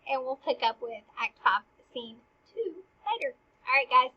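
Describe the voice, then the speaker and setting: A woman sums up a play scene in a chatty, slangy way. Her voice sits a little high and comes out husky and breathy. The recording is dull and lo-fi. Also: animated, moderate pace. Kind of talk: casual play summary.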